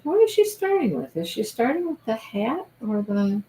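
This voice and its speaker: A woman's voice: a little high, big pitch swings, normal speed, mellow, slight background noise, rough recording. A woman hosting a casual crochet-along livestream, gushing over her work and thinking aloud as she follows along.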